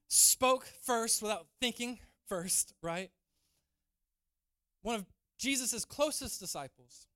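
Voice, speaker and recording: A man's voice: high voice, fairly bright tone, no echo, studio quality. A man preaching a sermon, acting out quoted lines and building to emphatic peaks. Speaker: pastor.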